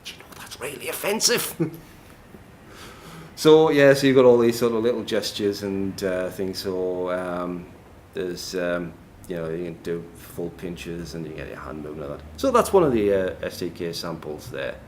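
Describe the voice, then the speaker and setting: A man with a fairly low voice talks a conference crowd through a live demo. He keeps it loose and joking, laughing and pausing on ums. A faint hum of the room sits behind him. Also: animated, a little mellow. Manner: chatty, joking, laughs often, many ums. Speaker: conference speaker. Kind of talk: live tech demo talk. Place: noisy, echoey conference room.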